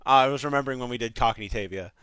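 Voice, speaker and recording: A man's voice: medium pitch, racing, a bit bright, clean tone. A man hosting a casual podcast in a laid-back way, putting questions to his guest. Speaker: podcast host.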